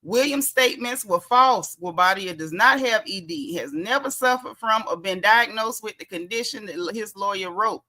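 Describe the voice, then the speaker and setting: A woman's voice: medium pitch, expressive, moderate pace, hardly any pauses, sharp tone. A woman hosting a casual gossip commentary show, chatty and sassy, laughing and reading blog posts aloud with her own asides. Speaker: host.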